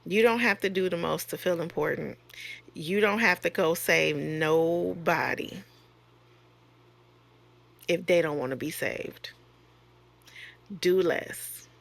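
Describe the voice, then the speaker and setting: Gravelly low-voiced woman telling stories. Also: takes it slowly, pauses often, fairly bright tone. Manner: frank and conversational, rising sharply when retelling exchanges. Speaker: nurse and online course creator. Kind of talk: casual storytelling monologue.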